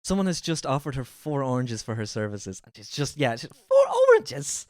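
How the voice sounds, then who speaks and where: A woman's voice: extremely low pitch, lively intonation, a little fast, darkish tone, dry recording, clean studio sound. A woman streamer chatting casually and playfully repeating words in mock accents. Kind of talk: casual livestream chat, imitating accents.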